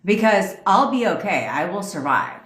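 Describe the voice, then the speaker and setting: A woman's voice: mid-range voice, sing-song, normal speed, fairly bright tone, echoey room. A woman coaching on a livestream, ranting bluntly and profanely and answering viewers' comments. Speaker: manifestation coach. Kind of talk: casual livestream rant.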